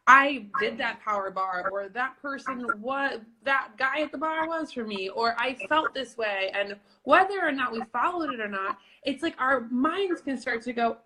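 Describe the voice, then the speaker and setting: A woman who works as an intuition coach, explaining tools in an animated, encouraging way in a casual podcast chat. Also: sits high, normal speed.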